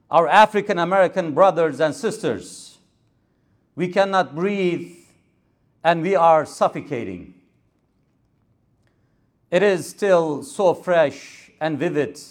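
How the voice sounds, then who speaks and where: Male imam, fairly high voice, rhetorical pulpit sermon with Arabic passages. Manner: rhetorical, repetitive cadence with Arabic recitation. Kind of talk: Friday sermon. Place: mosque pulpit.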